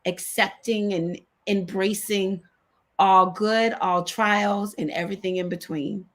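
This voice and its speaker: A woman's voice: mid-range voice, fairly even intonation, measured pace, a bit bright. A woman co-hosting an online talk show, speaking in heartfelt casual chat, sincere and emotional, repeating herself as she goes. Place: video call.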